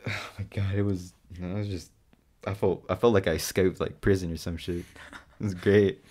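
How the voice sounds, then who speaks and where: Young male podcast co-host with a lowish voice and a loose, swearing storytelling manner. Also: moderate pace. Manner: storytelling, swearing, animated quoting. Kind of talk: casual chat.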